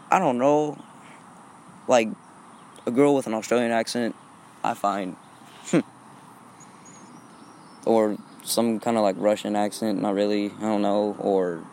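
A teenage boy from Texas talks through a solo podcast in a low, mellow voice. He rambles and hesitates and leans on fillers again and again. He is outdoors, with faint wind and traffic heard behind him. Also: fairly even intonation, takes it slowly, pauses often. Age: teens. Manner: hesitant, repeats fillers often. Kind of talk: rambling casual monologue.

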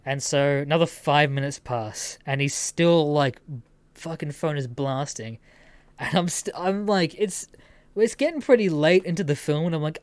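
Low-voiced woman telling stories. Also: normal speed, a little mellow, no room sound. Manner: swears freely, laughs while telling stories. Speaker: podcast host. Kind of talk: casual storytelling podcast.

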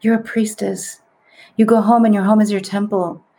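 A woman putting on the soft voice of a psychic giving her a calm reading. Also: mid-range voice, moderate pace, natural voice. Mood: hushed, knowing. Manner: soft, hushed and knowing.

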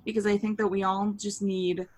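A woman's voice: mid-range voice, flat delivery, brisk, darkish tone, a little hiss or hum. A woman co-hosting a podcast in casual chat, laughing hard and swearing freely as she retells favorite scenes. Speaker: podcast co-host.

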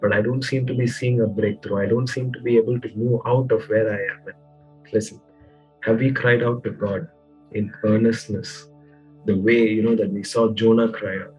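A man preaches and prays in an earnest, steady way, his husky voice staying fairly flat. He keeps returning to "Lord, Father" between his phrases. Soft music plays faintly behind him. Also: fairly low pitch, normal speed, lo-fi sound. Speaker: pastor. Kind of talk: sermon and spoken prayer.

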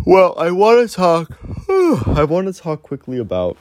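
A man's voice: sits high, huge pitch swings, unhurried, darkish tone. A young man talking alone on his podcast, rambling and self-deprecating, swearing freely as he thinks aloud. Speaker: podcast host. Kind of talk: casual solo podcast monologue.

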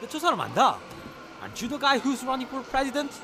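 An actor playing a blunt, fast-talking young cosplayer in an audio drama. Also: male voice, extremely high pitch, huge pitch swings, exaggerated voice. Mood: brash. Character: brash young male street cosplayer. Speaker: cosplayer bystander.

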